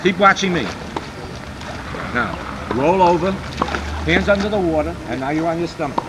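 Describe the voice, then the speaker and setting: A man's voice: on the high side, lively intonation. Man coaching a swimmer in a noisy pool. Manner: brisk, commanding coaching with bursts of encouragement. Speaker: swim instructor. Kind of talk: poolside swim coaching and demonstration. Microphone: camcorder mic. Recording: noisy 1990s camcorder audio.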